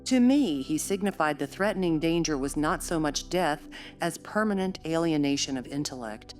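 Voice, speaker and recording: A woman narrating a classic novel in a measured, steady storytelling voice. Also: low-pitched, faint music behind. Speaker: audiobook narrator.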